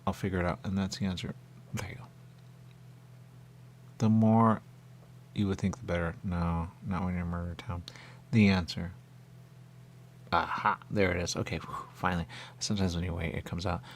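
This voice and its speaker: A man's voice: low-pitched, fairly even intonation, normal speed, pauses often, a little hiss or hum. A man hosting a radio talk show in a meandering, repetitive, stream-of-consciousness monologue. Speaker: radio host. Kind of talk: rambling monologue.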